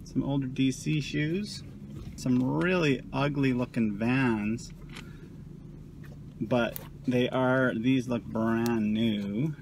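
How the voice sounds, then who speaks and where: A man's voice: mid-range voice, fairly even intonation, slow. A man talking casually to the camera in a vlog, chatty and self-mocking, recorded in a car. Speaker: vlogger. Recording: loud car and road noise.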